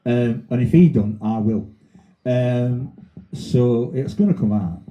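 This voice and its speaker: A man with a Sheffield accent rambles through sweary stories as host of a casual chat. His pitch sits mid-range for a man, and the recording is a bit dull and lo-fi. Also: slow pace. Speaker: podcast host. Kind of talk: casual banter.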